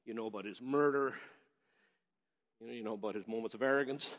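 A man's voice: medium pitch, fast, a bit bright. A man preaching a sermon in a conversational way that builds to emphatic stretches. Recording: echoey hall, dull lo-fi sound.

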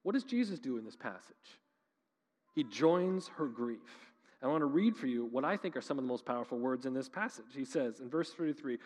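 A man's voice: medium pitch, very animated, fairly quick, darkish tone, in a large hall. A man preaching a sermon as pastor, earnest and conversational, building to emphatic rises.

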